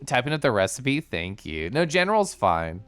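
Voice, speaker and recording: A man's voice: mid-range voice, big pitch swings, moderate pace, fairly bright tone, smooth, dry recording, soft background music. A man streaming a game, chatting casually in a bubbly, giggly, theatrical way. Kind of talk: casual livestream chat over gameplay.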